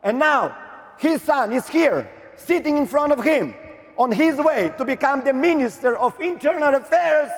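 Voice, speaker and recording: A young man from Slovenia giving a dramatic motivational stage talk, with emphatic outbursts and long pauses. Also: extremely high pitch, sing-song. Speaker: motivational speaker. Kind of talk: stage speech telling a personal story. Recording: reverberant hall.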